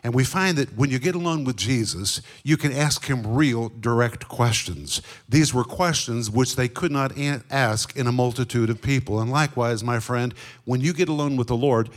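A middle-aged man teaching a sermon as a guest Bible teacher, emphatic and deliberate, slowing down on key words. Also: mid-range voice.

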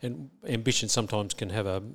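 Lowish-voiced Australian man, reflective. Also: a little fast, fairly bright tone. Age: middle-aged. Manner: thoughtful, many restarts and repeats. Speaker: school principal. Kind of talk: reflective interview talk.

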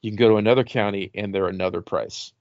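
A man's voice: on the low side, steady tone, quick pace, a little mellow, no echo. A middle-aged man hosting a casual podcast chat, rambling and swearing freely as he tells stories. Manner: rambling, swears freely, laughs at own jokes. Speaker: podcast host. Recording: dull lo-fi podcast mic.

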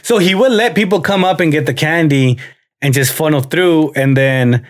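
A man's voice: on the high side, moderate pace. A young man co-hosting a podcast, telling stories in casual chat, profane and laughing often. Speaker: podcast co-host.

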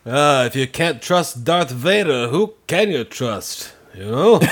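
A man's voice: on the high side, wildly swooping pitch, slow, a bit bright, breathy edge. A man co-hosting a podcast in casual chat, teasing his friends and laughing often. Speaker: podcast co-host.

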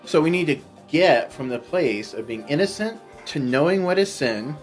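A man's voice: fairly high pitch, lively intonation, moderate pace, soft background music. A man in a casual spiritual discussion, explaining earnestly with many fillers.

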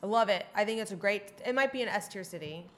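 A woman's voice: medium pitch, quick pace. Profane, opinionated woman in casual chat. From Phoenix area, Arizona. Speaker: podcast co-host.

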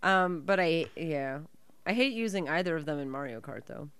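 A woman's voice: low-pitched, lively intonation, moderate pace, fairly bright tone, clean tone, dry recording. Sarcastic, foul-mouthed woman podcast co-host. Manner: profane, sarcastic, laughs often. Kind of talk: casual watch-along chat.

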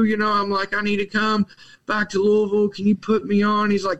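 A man's voice: high voice, steady tone, fairly quick, a bit bright, highs cut off. A young man, a podcast guest animatedly telling his recovery story, acting out quotes and laughing often. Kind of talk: storytelling in casual conversation.

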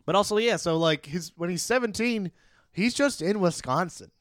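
A man with a fairly high, smooth, clear voice talks loosely about a novel with a friend. He reads excerpts and slips into playful asides, laughing often. The recording is dry and close. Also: animated, normal speed, fairly bright tone, dry recording. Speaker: podcast co-host discussing a novel. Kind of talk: casual book-club chat.

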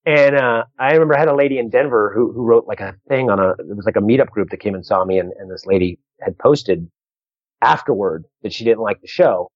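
A man's voice: lowish voice, brisk, no echo, muffled recording. A man who does stand-up comedy, chatting casually and telling a story with lots of restarts and voiced quotes.

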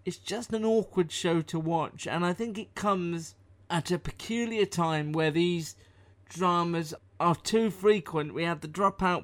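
A man's voice: a little high, measured pace, a bit bright. A man on a podcast, giving dry, wry remarks in casual review chat. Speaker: podcast co-host.

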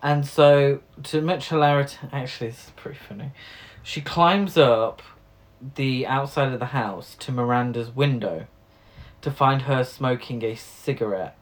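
A woman's voice: very deep voice, unhurried. Woman, podcast co-host, dry sarcastic film-recap chat. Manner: sarcastic, swears, laughs often.

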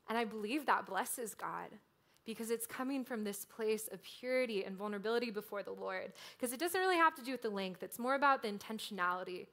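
A woman preaching a sermon in a casual, conversational way, often filling pauses with "like". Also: mid-range voice, fairly bright tone. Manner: conversational, frequent "like" fillers.

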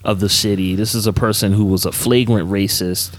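A man co-hosting a podcast in casual chat, relaxed and slangy with many fillers. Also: lowish voice, brisk, no echo. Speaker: podcast co-host.

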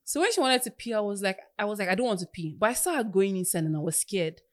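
A woman co-hosts a casual podcast. She tells her story at a quick clip and acts out every voice in it. Her pitch sits in the middle range. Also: expressive. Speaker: podcast co-host.

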